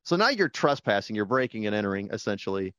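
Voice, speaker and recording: A man's voice: fairly low pitch, quick pace, no echo. A man co-hosting a podcast, chatting casually and rambling about a movie he loves. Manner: rambling, animated, quotes movie lines in put-on voices. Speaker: podcast co-host. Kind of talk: casual movie-review chat.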